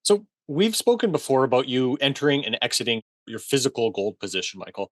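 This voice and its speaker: A man hosting an interview, asking measured questions and giving brief agreeing sounds. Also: mid-range voice, very animated, fairly bright tone, no room sound, clean studio sound. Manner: brief assenting backchannels. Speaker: host.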